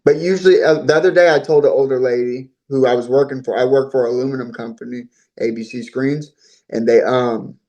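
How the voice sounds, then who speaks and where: A man's voice: medium pitch, steady tone, fairly quick, warm tone, rough recording. Earnest talkative man telling his story. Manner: earnest, talkative, repeats himself. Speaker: interview guest. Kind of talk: casual interview storytelling.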